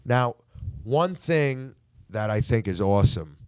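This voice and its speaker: A man's voice: mid-range voice, lively intonation, slow pace, darkish tone, clean tone, no room sound. A man hosting a casual interview, enthusiastic and stumbling over restarts. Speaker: podcast host. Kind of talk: casual chat.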